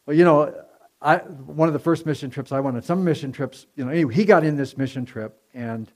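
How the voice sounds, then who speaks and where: A man's voice: fairly high pitch, brisk. A man preaching a sermon in a conversational storytelling way, with many fillers and restarts, to a church congregation.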